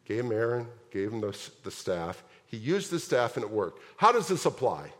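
A man preaching a sermon as pastor, telling the story in a lively way and asking his congregation question after question. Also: mid-range voice, moderate pace, hardly any pauses. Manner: animated storytelling with rhetorical questions. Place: large church sanctuary. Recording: long hall reverb.

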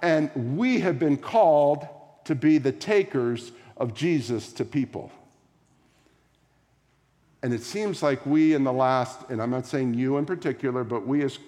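Male pastor preaching in a reverberant hall. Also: mid-range voice. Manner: emphatic, repetitive preaching cadence with big swings in loudness. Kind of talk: sermon. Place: large room before a congregation.

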